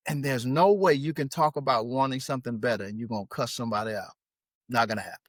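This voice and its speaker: On a podcast, a marriage coach talks with a mid-range voice, a little fast, and no room sound. He's animated, telling stories and acting out his clients' lines in quotes as the conversation goes on.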